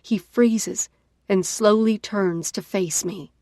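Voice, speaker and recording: A woman narrating a first-person romance audiobook in an expressive, dramatic way. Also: mid-range voice, slow, no echo, studio quality.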